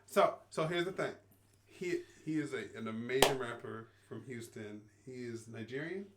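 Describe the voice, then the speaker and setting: A man's voice: mid-range voice, animated, normal speed, heavy background noise. A man co-hosting a podcast, chatting in an easygoing, slangy way and laughing often. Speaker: podcast co-host. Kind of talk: casual chat.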